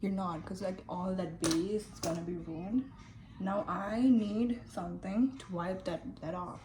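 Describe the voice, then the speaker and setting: Chatty mellow-voiced woman in her twenties. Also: on the low side, unhurried. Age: mid-20s. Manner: chatty, loose, full of "like" and slang, swears casually. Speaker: beauty vlogger. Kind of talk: casual chat while doing makeup.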